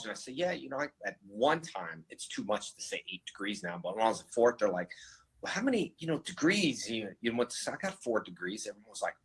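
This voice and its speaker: A man casually telling stories in an interview, animated and acting out the voices of people he quotes. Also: lowish voice, husky, poor audio. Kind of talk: casual storytelling.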